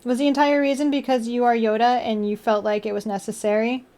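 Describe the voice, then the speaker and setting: Brisk and mellow, with a fairly even intonation on the high side, this young woman's voice carries her relaxed livestream. She's chatty and giggly, laughing with viewers and baby-talking her cats in between.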